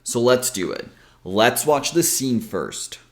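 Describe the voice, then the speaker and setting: A medium-pitched, expressive American man speaks at a slow pace as he patiently explains pronunciation. He is an English pronunciation coach recording a video lesson.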